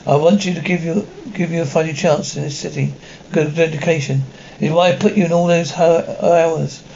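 A man's voice: on the high side, fairly even intonation, moderate pace, gravelly, darkish tone, highs cut off, slight background noise. A man voicing a devoted, hard-working single mother who talks in a tender, pleading way.

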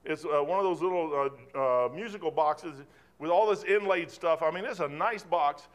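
A man's voice: on the high side, moderate pace. An older man preaching an informal sermon in a folksy, rambling, conversational way, drifting between Bible reading and personal stories.

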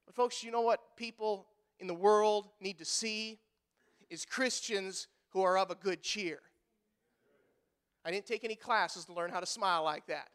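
High-voiced male pastor preaching. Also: a little slow, clear, resonant tone. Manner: emphatic preaching, swinging from loud to hushed; repeats words when worked up. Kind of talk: sermon. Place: church.

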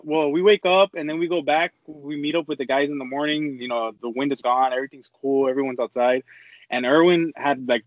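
A man's voice: medium pitch, no echo. A young man telling a rambling, slang-heavy story in casual chat, with lots of swearing. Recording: dull lo-fi dry recording.

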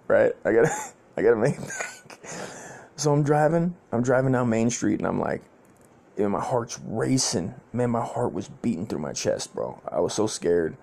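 A man's voice: medium pitch, huge pitch swings, a little slow, gravelly, long pauses, a little mellow. A man hosting a podcast and telling a personal story in a casual, profane, rambling way, repeating himself and laughing often. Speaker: podcast host.

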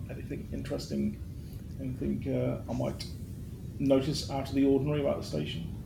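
A man playing a tabletop role-playing game, talking in a hesitant, halting way. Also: medium pitch, completely flat delivery, creaky, reverberant, noisy background. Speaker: player. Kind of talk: tabletop role-play, in character.

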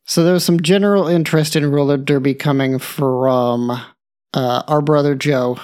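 Chatty podcast co-host, mid pitch, dry teasing, lots of ums and you knows. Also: steady tone, normal speed, darkish tone, smooth. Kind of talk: casual chat.

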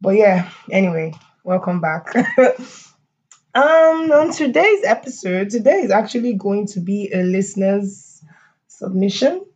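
A woman's voice: mid-range voice, expressive, a little slow, a little mellow, breathy edge. Chatty woman podcast host, lo-fi. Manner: chatty, laughs often, many fillers and asides. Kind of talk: casual solo podcast chat.

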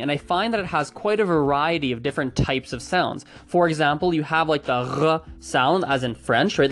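A man casually explaining pronunciation facts, chatty and hedging, trying out sounds aloud as he goes. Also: a little high. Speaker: language enthusiast explaining pronunciation.

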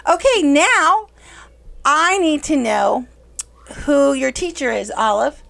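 A bubbly, chatty middle-aged woman hosting a podcast in a relaxed, casual way. Her voice sits a little high, with a gravelly edge running through it. She sounds cheerful and easy as she talks with small children. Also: slow pace. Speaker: podcast host at an early childhood center. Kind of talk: casual podcast chat, talking with young children.

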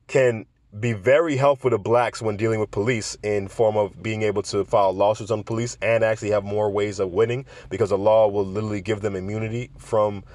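Low-voiced animated man. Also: dry recording. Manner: animated, digressive, wry asides. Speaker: podcast host. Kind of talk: casual commentary.

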